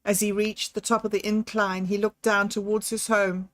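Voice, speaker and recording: A woman narrating a novel aloud in a slow, measured storytelling voice. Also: medium pitch, level tone, dry recording. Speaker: audiobook narrator. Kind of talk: scripted narration.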